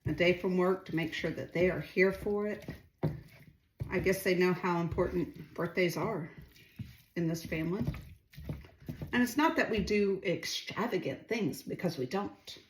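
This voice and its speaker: A woman's voice: lowish voice, unhurried, echoey room, background noise. A middle-aged woman chatting casually while she cooks, rambling and asking viewers questions. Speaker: home cooking vlogger. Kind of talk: casual chatty cooking vlog. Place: home kitchen.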